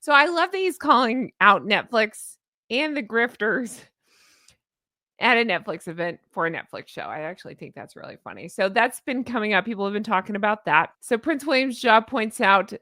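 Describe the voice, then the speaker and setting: A woman's voice: medium pitch, sing-song, normal speed, sharp tone, no echo, studio quality. A woman giving casual, sarcastic reaction commentary in a chatty vlog, laughing often. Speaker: commentary vlogger.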